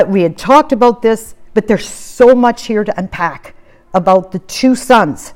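Lady preacher telling a bible story, lively, acts out the voices. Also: mid-range voice. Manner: animated storytelling, acts out the quotes. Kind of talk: sermon.

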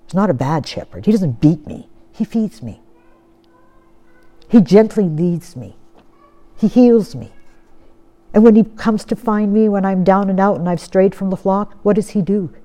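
A woman preaching a sermon in an earnest way. She poses rhetorical questions and often sinks to a soft tone. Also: medium pitch, unhurried, pauses often.

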